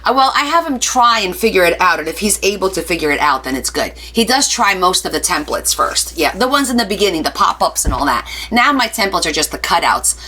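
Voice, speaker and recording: A woman's voice: fairly low pitch, very animated, brisk, few pauses, bright, forceful tone, breathy edge. A woman hosting a casual craft live stream, chatty and playful, reading viewer comments aloud and answering them with jokey asides. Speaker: craft livestream host.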